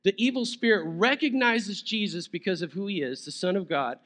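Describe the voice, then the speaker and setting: A man's voice: high-pitched, fairly quick, a bit bright. A man preaching a sermon as pastor, conversational and playful, chuckling now and then.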